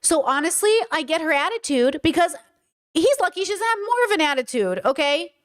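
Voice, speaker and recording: A woman's voice: extremely high pitch, big pitch swings, a little fast. A woman hosting, reacting to a played recording with emphatic, conversational commentary. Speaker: host.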